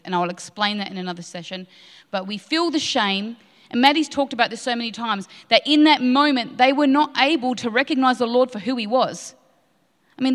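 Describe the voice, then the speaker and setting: A woman with a fairly high voice preaches a passionate sermon, driving her points home by repeating them. The sound carries a long reverb, as if picked up in a church hall. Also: fairly bright tone. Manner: impassioned, repeats lines for emphasis.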